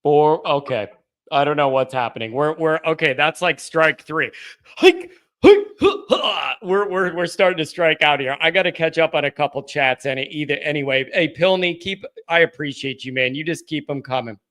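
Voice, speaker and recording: A man hosting a live postgame call-in show, talking in a loose, excitable, chatty way with plenty of fillers and restarts. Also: on the high side, normal speed. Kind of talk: casual live-stream chat.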